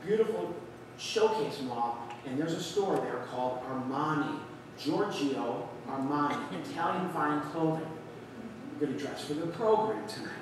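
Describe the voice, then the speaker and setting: A man's voice: fairly high pitch, animated, a little slow, noisy background. A man telling a stand-up comedy story, acting out the people he describes. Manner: storytelling with quoted voices. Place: large church hall with an audience. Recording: echoey hall recorded from far off.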